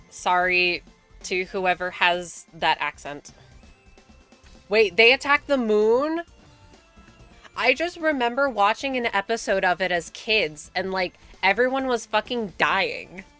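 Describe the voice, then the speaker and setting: A woman's voice: medium pitch, takes it slowly, long pauses, a bit bright, smooth, faint music behind. Chatty, swearing American woman streamer. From United States. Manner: chatty, swears often, laughs between remarks. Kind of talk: casual gaming commentary.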